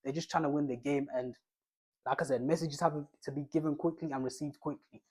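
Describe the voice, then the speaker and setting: A young man talks football tips at a rapid clip, his husky voice sitting a bit high for a man. He rambles in slang, restarting phrases and searching for words as he goes. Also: steady tone, a little mellow. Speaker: football advice vlogger. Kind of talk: casual advice monologue.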